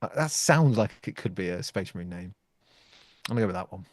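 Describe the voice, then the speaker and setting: Lively, self-doubting male quiz player. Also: low voice, fast, a little hiss or hum. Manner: self-doubting, thinks aloud, laughs often. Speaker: quiz contestant. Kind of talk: casual quiz banter.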